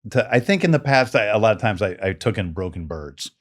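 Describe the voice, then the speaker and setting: A man's voice: lowish voice, expressive, a little fast. A middle-aged man, a guest on a podcast, telling stories in a casual, self-deprecating way with many restarts. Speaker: guest filmmaker. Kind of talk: casual storytelling conversation.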